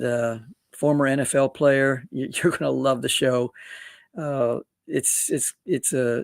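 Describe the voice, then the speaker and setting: Gravelly-voiced male podcast host. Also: medium pitch, darkish tone, no room sound. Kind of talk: interview talk.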